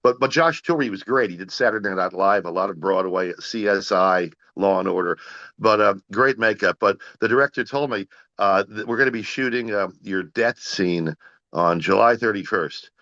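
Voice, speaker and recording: A man's voice: on the low side, moderate pace, fairly bright tone, no echo, muffled recording. A man, an actor, telling a long story as an interview guest, rambling with frequent restarts and repeated words.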